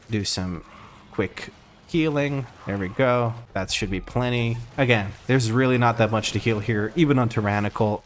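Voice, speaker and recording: A man's voice: fairly low pitch, slight background noise. A man giving casual live commentary while he plays a game, rambling to himself with wry, mildly exasperated asides. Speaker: gameplay commentator.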